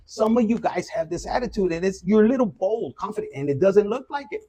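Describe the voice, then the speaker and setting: A man's voice: high-pitched, lively intonation, fairly quick, mellow, a little hiss or hum. A man giving a loose, profane, casual collective tarot reading. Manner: loose and profane, with Spanish slang mixed in. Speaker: tarot reader.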